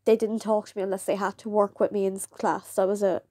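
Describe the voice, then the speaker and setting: A woman's voice: medium pitch, flat delivery, fast, dark tone, no room sound, studio quality. A woman, telling a personal story in a candid, chatty way and laughing often. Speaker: vlogger.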